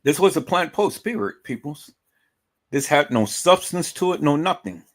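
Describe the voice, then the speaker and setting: A man with a fairly high, expressive voice and a moderate pace runs a livestream. He's emphatic, repeats himself, curses freely, and keeps calling out to his viewers throughout the commentary.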